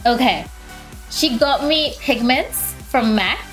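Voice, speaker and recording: A young woman with a fairly high voice chats as a beauty vlogger. She talks casually and gushes, packing her lines with fillers. Soft music plays behind her. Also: normal speed. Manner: bubbly and gushing, many fillers. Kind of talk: casual vlog, unboxing.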